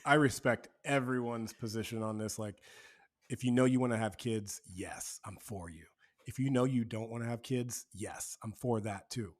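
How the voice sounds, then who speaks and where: Podcast guest, man, mid-pitched voice, earnest and relaxed, casual slang. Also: normal speed. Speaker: podcast guest, men's community co-founder. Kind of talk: casual conversation.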